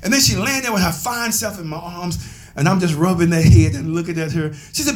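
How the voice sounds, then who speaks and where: High-voiced pastor preaching with gusto. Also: male voice, fairly quick. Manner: animated storytelling, laughing and calling out to members. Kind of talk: sermon.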